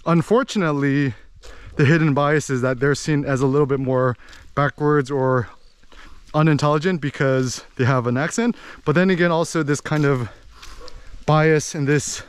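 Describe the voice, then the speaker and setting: An American man talking in a rambling, animated way as he vlogs outdoors in a village, with lots of fillers. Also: a little high, normal speed, smooth, no echo. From United States. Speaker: vlogger. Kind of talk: casual walking vlog monologue.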